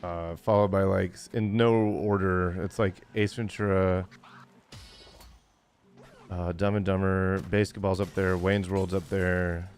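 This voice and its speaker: This tired man in his forties has a deep, level, slightly mellow voice and talks a little slowly, with faint music behind him. Streaming a game, he chats casually, rambling with many fillers and chuckling often.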